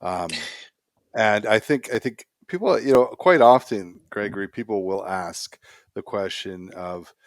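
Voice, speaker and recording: A man's voice: lowish voice, measured pace. A man hosting a podcast who asks his guest encouraging questions. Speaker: podcast host. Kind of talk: podcast interview.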